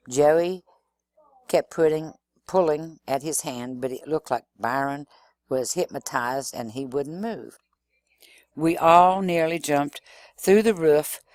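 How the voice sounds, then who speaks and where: A man reading a novel aloud in an expressive first-person storytelling manner. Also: a little high, no echo. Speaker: reader.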